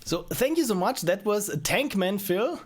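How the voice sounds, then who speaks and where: A man's voice: high-pitched, sing-song, a little slow, slightly rough. A young man streaming and reviewing small indie games, chatting casually with a rambling, self-mocking manner and frequent chuckles. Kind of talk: casual live-stream commentary.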